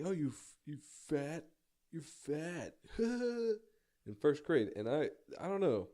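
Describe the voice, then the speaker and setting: A man's voice: lowish voice, mellow. A young man telling a personal story in a rambling, self-deprecating way, swearing casually and stumbling through many restarts.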